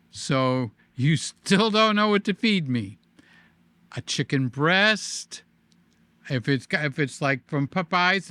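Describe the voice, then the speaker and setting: A middle-aged man talks to camera in a loose, animated vlog style, repeating words and cracking jokes as he goes. His voice sits high and comes across bright and smooth. The sound is close and dry, as if picked up on a desk microphone. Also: no echo. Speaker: vlogger host. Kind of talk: casual chat to camera.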